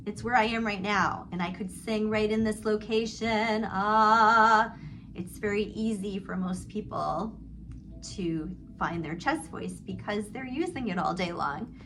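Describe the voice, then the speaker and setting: A woman's voice: mid-range voice, background noise. A middle-aged woman vocal coach teaching a singing lesson, explaining technique between sung vowel exercises. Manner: demonstrates vowel slides and sighs, then explains calmly.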